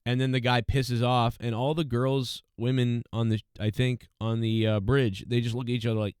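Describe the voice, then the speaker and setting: A man's voice: mid-range voice, steady tone, normal speed, a little mellow, clean tone, dry recording, clean studio sound. A man reviewing a TV episode in a casual, ranting monologue, exasperated and mocking as he paraphrases the characters. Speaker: show reviewer.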